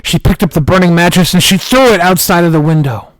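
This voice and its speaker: Man, comic host telling a fake scary story slowly and deadpan; fairly high pitch, very dry audio. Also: no echo. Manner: mock-dramatic, slow deadpan delivery. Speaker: streamer.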